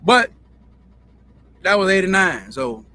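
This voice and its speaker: In a high, bright, forceful voice with big swings in pitch, a show host with a Southern country drawl slowly rambles through a casual, profane storytelling monologue, going back over the same points. There's no echo.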